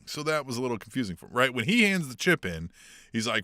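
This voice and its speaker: A man co-hosting a wrestling podcast in loose, profane chat, his voice bright and forceful. He swings his pitch widely as he mimics wrestlers. The sound is dry and close, with no room around it. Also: sing-song, fast talker, no room sound. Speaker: podcast co-host.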